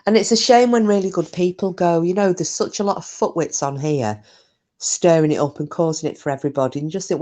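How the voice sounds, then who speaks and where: A woman's voice: fairly low pitch, fast, warm tone. A woman chatting casually on a live stream, rambling through stories, answering comments and swearing mildly.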